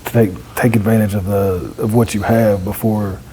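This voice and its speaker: A man's voice: fairly low pitch, fairly even intonation, normal speed, dark tone, a little hiss or hum, rough recording. A man who is a guest in a casual faith conversation, agreeable and laid-back, with lots of short affirmations.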